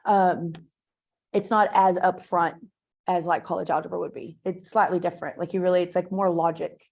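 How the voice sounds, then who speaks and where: A woman's voice: fairly low pitch, flat delivery, normal speed, vocal fry, a little mellow. A woman, teaching a math class in a classroom, chatty and informal with lots of asides and fillers. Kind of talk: classroom lecture.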